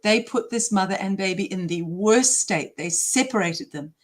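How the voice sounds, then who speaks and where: A woman gives an interview at a middle pitch. She speaks with emphatic, emotional indignation. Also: normal speed, few pauses. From New Zealand. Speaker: interview guest. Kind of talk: impassioned interview talk.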